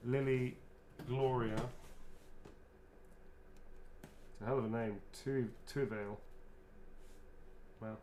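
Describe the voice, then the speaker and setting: A voice actor signs autographs and fields fan questions, chatting loosely, rambling, and correcting himself as he keeps restarting sentences. His medium-pitched voice is steady and darkish, delivered slowly with long pauses over a slight hiss or hum.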